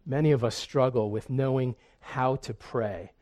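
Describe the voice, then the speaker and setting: A man's voice: medium pitch, unhurried, a little mellow. A man preaching a sermon in an earnest way, often repeating a word as he restarts. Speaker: pastor.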